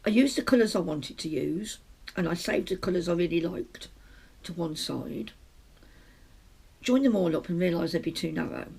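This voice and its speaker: A woman's voice: on the low side, animated, normal speed, gravelly, mellow, slightly rough. A woman from Britain hosting a casual knitting podcast from a small closed room at home, rambling and chatty and often breaking off mid-sentence. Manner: rambling, chatty, self-interrupting. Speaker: podcast host.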